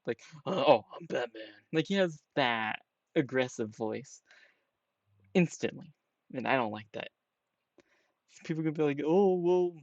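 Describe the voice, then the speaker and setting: A man's voice: mid-range voice, no room sound. Rambling man with a dull, muffled sound. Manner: rambling, full of "you know" and "right?". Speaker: trailer reviewer. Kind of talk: casual reaction commentary.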